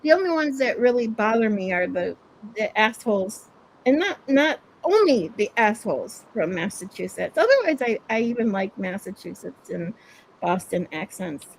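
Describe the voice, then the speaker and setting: A woman's voice: medium pitch, sing-song, normal speed, vocal fry, slight background noise, poor audio. A woman hosting a casual online chat who laughs often and swears freely. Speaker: stream host.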